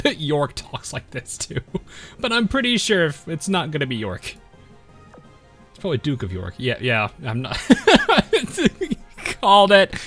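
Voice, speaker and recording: A man, a gaming video host, reading a game story aloud and chatting about it, self-mocking and quick to laugh. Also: mid-range voice, fairly bright tone. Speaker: gaming YouTuber.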